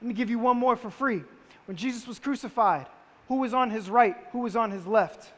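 Brisk and very high-pitched, with a slightly bright voice, a man preaches a sermon that sounds like conversation, rattling off rhetorical questions to his audience. A large hall's long reverb surrounds him.

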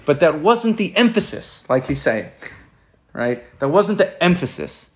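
A man's voice: on the high side, very animated, a little slow. A man giving an informal Torah class, rambling and often restarting and repeating his words. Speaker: Torah teacher.

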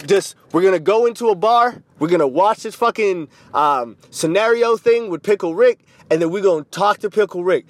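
A man's voice: high voice, no echo. A man hosting a casual solo podcast, rambling and swearing with lots of fillers. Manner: rambling and profane, full of "like" fillers. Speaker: podcast host.

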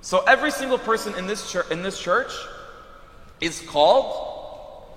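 High bright-voiced priest preaching in echoing church. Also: male voice, a little slow. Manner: animated storytelling with asides. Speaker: Catholic priest. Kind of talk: sermon. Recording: echoey church hall.

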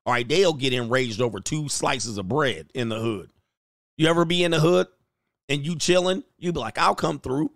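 A man's voice: mid-range voice, animated, normal speed, no echo, studio quality. A man hosting a casual reaction commentary, joking and laughing as he talks in slangy street style. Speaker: commentary video host. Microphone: headphones.

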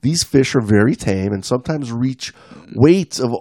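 A man in his forties reads an article aloud on a podcast and breaks off now and then for wry asides. His voice is gravelly, sitting at a middle pitch. The recording is dry and close. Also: lively intonation, normal speed, dark tone, dry recording. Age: 40s. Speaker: podcast co-host.

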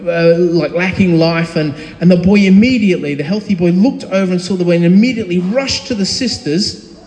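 A man's voice: sits high, brisk, a little mellow. A man in his thirties, a pastor giving a conversational sermon with frequent fillers and restarts. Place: church hall. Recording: echoey hall.

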